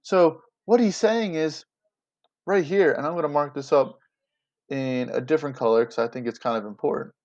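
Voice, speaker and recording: A man teaches a lesson on a play in a relaxed, explanatory way and talks straight to his students. His voice sits a little on the high side. The sound is dull and lo-fi, as in a screen recording. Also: moderate pace. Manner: casual and explanatory, addresses students directly.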